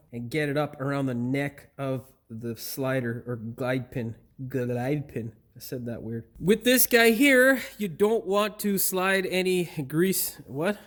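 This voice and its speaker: A man's voice: mid-range voice, a bit bright. A man hosting a DIY car repair video, cursing, fumbling his words and mocking himself, while a little sick with a cough. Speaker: DIY auto repair host. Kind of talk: blooper reel of a repair tutorial.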